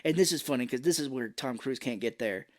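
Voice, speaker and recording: A man's voice: medium pitch, brisk. A man co-hosting a podcast, recapping a film in casual chat and jumping into playful impressions of its characters. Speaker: podcast co-host.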